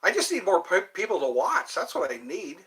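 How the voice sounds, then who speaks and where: Male host, loose rambling talker, bright forward tone, wanders off topic often. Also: high voice, wildly swooping pitch, brisk. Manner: rambling, chatty, thinks aloud and digresses. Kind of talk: casual livestream chat.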